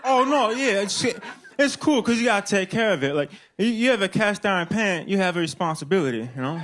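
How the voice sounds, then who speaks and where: A man in his thirties from Illinois, answering questions on a comedy club stage in a slow, hesitant, deadpan way full of fillers. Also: sits high, a little hiss or hum. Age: 30s. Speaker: comedian being interviewed. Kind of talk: slow halting comedy chat.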